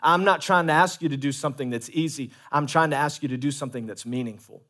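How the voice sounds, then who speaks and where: A man preaching a sermon as pastor, animated, calling for amens and acting out quoted voices. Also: fairly high pitch, fast talker.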